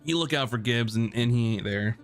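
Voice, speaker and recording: A man's voice: mid-range voice, brisk, soft background music. A man narrating as game master of a tabletop role-playing game in a casual, chatty way. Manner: casual, laughing, lots of fillers.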